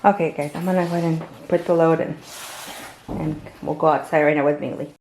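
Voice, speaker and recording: A woman's voice: low-pitched, steady tone, fairly quick. A woman chatting casually through a home vlog while filming handheld, rambling with restarts and talking baby-talk to her pets. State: a little out of breath. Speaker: vlogger. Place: home indoors. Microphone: handheld camera.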